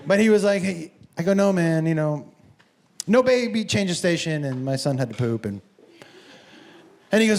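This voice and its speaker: High-voiced man doing stand-up. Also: brisk, slight background noise. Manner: animated storytelling, acting out quoted voices. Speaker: stand-up comedian. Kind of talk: stand-up comedy set.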